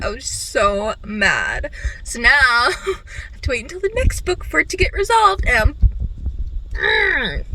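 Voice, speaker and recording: A young woman chatting casually in a book vlog, animated and quick to swear, filmed on a phone. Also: fairly high pitch, low-quality recording. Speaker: book vlogger. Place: at her workplace before clocking in.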